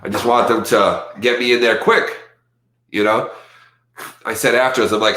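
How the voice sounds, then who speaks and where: A man hosting a casual livestream, rambling and lively when he quotes others, with his allergies acting up. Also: medium pitch, brisk, echoey room. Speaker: livestream host.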